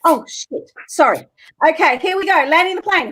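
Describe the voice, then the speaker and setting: A woman's voice: very high-pitched, expressive, moderate pace, bright, forceful tone. A woman co-hosting a live stream and reading spiritual cards for viewers, earnest and emotional with the odd swear.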